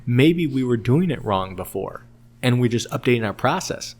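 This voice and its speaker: A man's voice: mid-range voice, animated, moderate pace, a little mellow. A man co-hosting a restaurant podcast in casual chat, agreeable and often backing others up. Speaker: podcast co-host.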